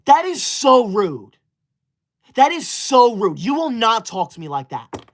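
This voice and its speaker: A performer doing a strict, self-important young streamer who lays down the rules and scolds rude viewers in a huffy, indignant tone. The voice sits at a middling pitch and fits a comedic character livestream. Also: big pitch swings, measured pace. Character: prim bossy young streamer obsessed with school. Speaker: livestream host reading super chats.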